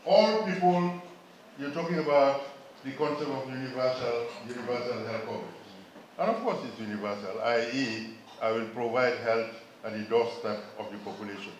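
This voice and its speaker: A man's voice: medium pitch, slight background noise. A man from Gambia giving an emphatic public health lecture at a symposium, putting questions to the audience. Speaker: symposium speaker. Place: conference hall. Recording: very echoey hall.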